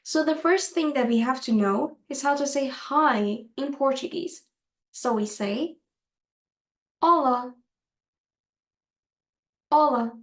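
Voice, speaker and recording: A woman's voice: sits high, a little slow. A woman teaching a language lesson, explaining carefully and repeating words for practice.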